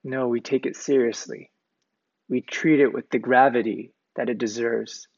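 A man preaching a sermon as pastor, deliberate and emphatic, repeating key words for weight. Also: medium pitch, steady tone, creaky, darkish tone, slightly rough. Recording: dull, lo-fi recording.

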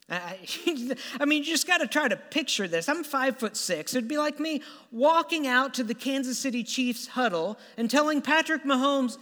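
A man preaching a sermon as animated, conversational storytelling with stammered restarts, in a church hall. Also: extremely high pitch, normal speed, few pauses. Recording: long hall reverb.

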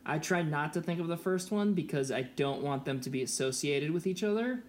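A man's voice: on the high side, animated, fairly quick, a little hiss or hum. A man co-hosting a podcast in casual chat, easygoing and wry, chuckling often. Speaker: podcast co-host.

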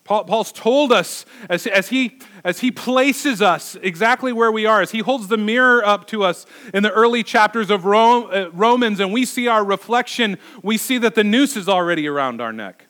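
A man's voice: high-pitched, normal speed, fairly bright tone. A middle-aged male pastor preaching a sermon, emphatic and repeating words for stress.

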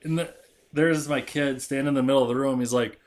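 Casting: thirties guy, podcast co-host, cussing storyteller, mid pitch. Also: fairly quick. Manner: profane, animated storyteller acting out dialogue. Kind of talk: casual storytelling.

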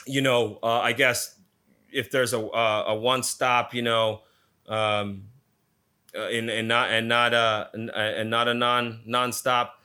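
A man's voice: medium pitch, sharp tone. A man casually telling a story, swearing constantly and retelling it with energy.

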